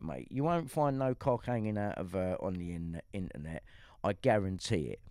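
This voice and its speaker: A man's voice: low-pitched, expressive, moderate pace, dark tone, smooth, no echo, studio quality. A man ranting angrily at an online critic, confrontational and profane, circling back to the same points. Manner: confrontational, profane, repeats himself. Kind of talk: angry online rant.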